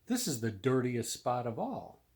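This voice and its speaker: A brisk, fussy farmer's wife from a picture book, proud of her spotless house, voiced by a man reading aloud. She speaks slowly and neatly. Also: mid-range voice, very animated, a little mellow.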